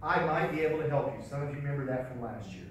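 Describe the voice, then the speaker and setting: A man teaching a live sales seminar in a folksy, animated way, repeating his key phrases. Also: medium pitch, fast, slight background noise. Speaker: sales trainer. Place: large echoey hall. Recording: echoey hall, voice from far off.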